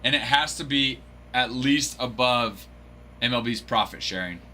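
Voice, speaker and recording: A man's voice: medium pitch, measured pace, bright, forceful tone, a little hiss or hum. A man hosting a card break livestream, joking and laughing as he answers viewers by name. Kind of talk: casual livestream chat.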